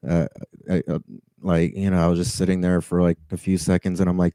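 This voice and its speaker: A man on edge vents a long grievance, sighing, stammering and swearing. His voice sits low and very dark. The sound is close and dry. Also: little pitch movement, a little fast, no echo, poor audio. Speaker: rideshare driver. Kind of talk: venting story to camera.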